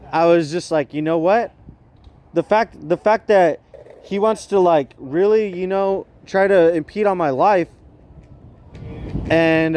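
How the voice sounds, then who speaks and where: A man with a high voice rants in a long, rambling vlog. He stumbles, repeats phrases and swears often. Faint city traffic hums behind him outdoors. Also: darkish tone. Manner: repetitive, stumbling, swears heavily, ranting. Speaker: vlogger. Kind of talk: rambling profane monologue.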